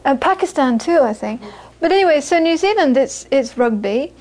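A woman teaching Buddhism to a live audience, moving from lively anecdotal storytelling into quiet, reflective teaching. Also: high-pitched, normal speed. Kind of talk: dharma talk to a live audience.

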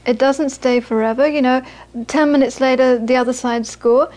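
High-voiced woman giving a dharma talk. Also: normal speed. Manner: lively anecdotal storytelling that softens into quiet reflection. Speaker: Buddhist teacher. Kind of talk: dharma talk to a live audience.

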